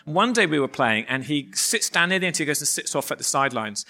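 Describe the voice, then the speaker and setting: A man, a pastor, preaching with lively stories and acting out voices. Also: on the high side, fast. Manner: animated, acts out voices in anecdotes. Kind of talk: sermon with storytelling.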